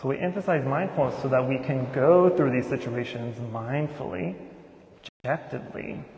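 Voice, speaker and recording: A man's voice: mid-range voice, moderate pace, darkish tone, slight background noise. A man giving an informal Buddhist sermon, talking conversationally and asking many rhetorical questions. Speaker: Buddhist teacher giving a Dharma talk. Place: temple hall. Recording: echoey temple hall with long reverb.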